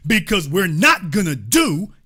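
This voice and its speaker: Guy ranting on his commentary show, sarcastic and heated, high sharp voice. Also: sing-song, measured pace, breathy edge. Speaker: political commentary host. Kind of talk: opinion commentary.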